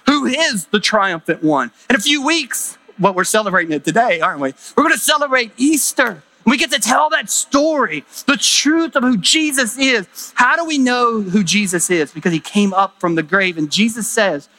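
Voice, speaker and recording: Middle-aged pastor guy preaching, high bright voice, gets loud and excited. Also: moderate pace, hardly any pauses. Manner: emphatic preaching with rising exclamations. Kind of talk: sermon.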